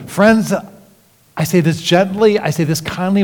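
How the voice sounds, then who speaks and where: A man preaching a sermon as pastor, earnest, dropping to hushed lines and then rising with emphasis. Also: high voice, a little slow. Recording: long hall reverb.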